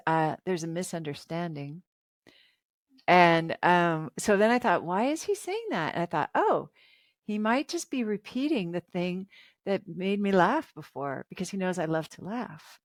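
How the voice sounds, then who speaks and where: A woman's voice: fairly low pitch, animated, unhurried, no echo, clean studio sound. A woman in her fifties, a relationship author talking as a guest in a casual interview, chatty and reflective and laughing often.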